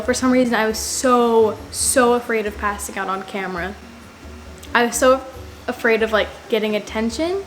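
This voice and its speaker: A woman's voice: a little high, moderate pace, a little hiss or hum. A young woman telling a personal story to the camera in a casual, rambling way, full of "like". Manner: rambling, heavy use of "like". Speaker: vlogger.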